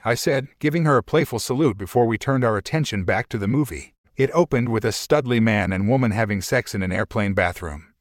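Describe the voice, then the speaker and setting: A man's voice: medium pitch, animated, brisk, no echo, clean studio sound. A man narrating a first-person story in a wry, conversational manner.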